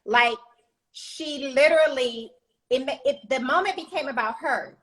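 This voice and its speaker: A woman co-host with a high voice who talks bluntly and with heat, calling things out plainly. Her delivery is outspoken and casual. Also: a little slow, fairly bright tone, rough recording. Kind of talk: casual talk show chat.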